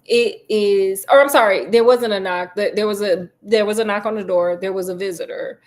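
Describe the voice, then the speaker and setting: A woman's voice: medium pitch, normal speed, a little mellow. A woman host retelling a classic novel in casual chat, slangy and joking, with plenty of asides. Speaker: storyteller host.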